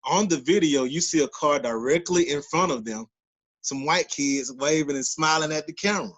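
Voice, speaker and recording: A man, co-hosting a podcast and telling a personal story in a casual, animated way, loudly acting out the voices of the people he quotes. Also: a little high, moderate pace, poor audio. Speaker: podcast co-host.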